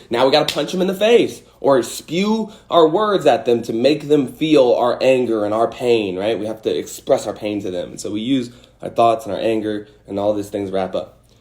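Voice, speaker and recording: A man's voice: mid-range voice, a little mellow. A man hosting a livestream, giving a casual motivational talk and acting out angry and scared voices with some swearing. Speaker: host.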